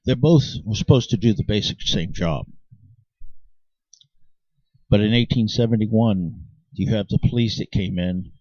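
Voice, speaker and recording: A little slow and a little mellow, this fairly low male voice pauses often while the channel host passionately presses his point to viewers, restarting sentences frequently and insistently. It's a dry, dull lo-fi recording with no echo.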